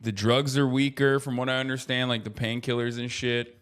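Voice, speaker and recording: An American man in his thirties doing casual livestream commentary, talking to his chat with profane, animated rants. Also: mid-range voice, normal speed, smooth. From United States. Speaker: streamer reacting to chat.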